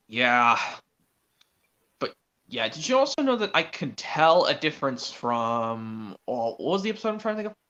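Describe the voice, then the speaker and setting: A man's voice: mid-range voice, very animated, normal speed, bright, forceful tone. A young man hosting a stream in casual chat, rambling with restarts and hesitant questions. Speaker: stream host. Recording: dull lo-fi stream audio.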